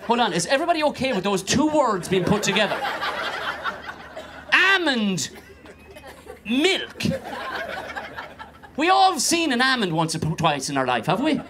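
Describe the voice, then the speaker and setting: A young Irish man on stage doing stand-up, his voice sitting high and leaping all over the place. He swears with gusto and keeps slipping into other people's voices. His Irish accent is strong throughout. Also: sing-song, quick pace, hardly any pauses, a crowd in the background, background noise. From Ireland. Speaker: comedian. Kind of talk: stand-up comedy set.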